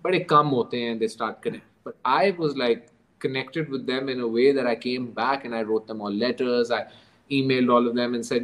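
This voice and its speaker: Man telling a lively story. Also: medium pitch, brisk, rough recording. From Pakistan. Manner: lively, acts out dialogue, laughs often. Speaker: guest author. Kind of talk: conversational storytelling.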